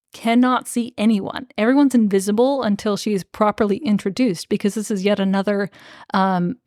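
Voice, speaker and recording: A woman's voice: mid-range voice, a little mellow, no room sound, studio quality. A woman co-hosting a podcast, retelling a book's scenes in a chatty way with lots of "like". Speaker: podcast co-host. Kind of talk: casual book discussion.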